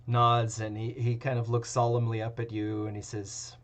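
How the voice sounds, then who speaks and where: A man's voice: mid-range voice, monotone, normal speed. A man narrating as game master of a tabletop game, rambling with many fillers.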